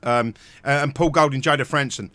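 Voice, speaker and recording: A man hosting a live stream, ranting angrily with heavy swearing and bursts of shouting. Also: mid-range voice, a little fast, no echo. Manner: angry, profane, shouting in bursts. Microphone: close mic at home.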